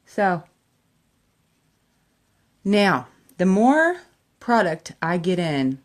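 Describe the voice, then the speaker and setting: A woman's voice: fairly low pitch, very animated, extremely slow. A middle-aged woman chatting emotionally to her camera while doing her makeup, laughing often. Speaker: makeup vlogger. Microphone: camera in front of her.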